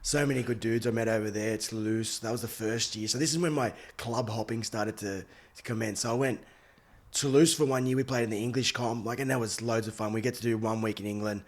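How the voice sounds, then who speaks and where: A man's voice: lowish voice, fairly even intonation, a little fast. An Australian man in his thirties, a podcast guest telling stories in casual, slangy chat and laughing often. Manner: laid-back storytelling, slangy, laughs often. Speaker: podcast guest, former rugby league player.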